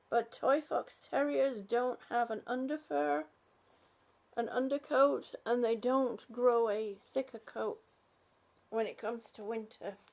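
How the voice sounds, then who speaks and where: A woman talking casually to her small dog as she dresses it, coaxing and affectionate, often quiet and laughing. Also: a little high, gravelly. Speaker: vlogger.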